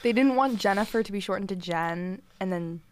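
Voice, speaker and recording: A woman's voice: mid-range voice, a little fast, darkish tone, no room sound. A young woman from South Carolina co-hosting a podcast, chatting casually and laughing easily. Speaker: podcast co-host. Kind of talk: casual chat.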